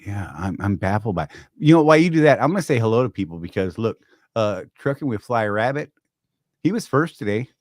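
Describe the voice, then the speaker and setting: A man's voice: fairly low pitch, very animated, brisk, a little mellow, no room sound, clean studio sound. Joking man rambling on a livestream. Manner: joking, rambling, greets viewers by name. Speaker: co-host of a trucking livestream. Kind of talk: casual livestream chat.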